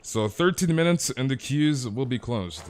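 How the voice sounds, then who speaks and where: A young man streaming a game live, chatting casually with viewers and telling animated, exaggerated stories. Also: mid-range voice, moderate pace, soft background music. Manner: casual, animated, reads chat aloud, exaggerates. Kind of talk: live stream chat while playing.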